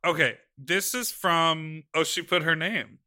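A man co-hosting a podcast in casual chat, animated and laughing often, swearing casually as he talks. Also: a little high, measured pace, dry recording, clean studio sound. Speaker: podcast co-host.

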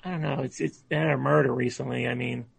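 Husky, gravelly male caller. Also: mid-range voice, steady tone. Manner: hesitant, halting anecdote-telling. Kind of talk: comedic call-in chat.

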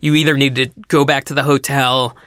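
A woman's voice: brisk, no echo. A woman co-hosting a podcast, telling a long story in casual talk and acting out the people in it. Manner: animated storyteller, acts out other people's voices with big pitch jumps. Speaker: podcast co-host.

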